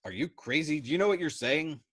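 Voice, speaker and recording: A man's voice: fairly high pitch, expressive, brisk, a bit bright, voice pushed up. A man voicing a frantic young airman who argues emphatically. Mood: agitated. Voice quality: emphatic, agitated. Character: frantic young male bombardier.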